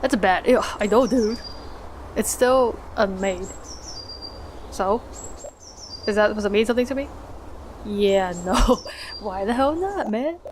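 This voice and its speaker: A woman's voice: mid-range voice, slow, long pauses, a little hiss or hum. A woman casually commenting on a game she plays, reacting with swearing and laughter. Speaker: let's play gamer.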